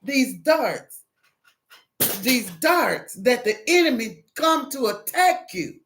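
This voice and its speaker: A woman with a Southern US accent giving a casual devotional talk, animated and preachy, acting out phone calls as she goes. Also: a little high, slow, slight background noise. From American South. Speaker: Christian single encouraging viewers.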